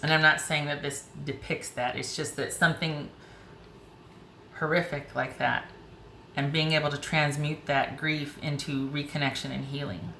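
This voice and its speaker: A woman's voice: low-pitched, little pitch movement, moderate pace, pushed and bright. A woman doing a casual tarot reading, chatty and emotional, thinking aloud as she turns the cards. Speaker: tarot reader. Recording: roomy with faint hiss.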